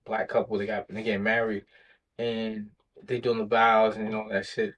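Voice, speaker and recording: A man's voice: on the low side, flat delivery, normal speed, fairly bright tone, highs cut off. A man co-hosting a casual podcast chat, talking bluntly and profanely with lots of animation. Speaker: podcast co-host.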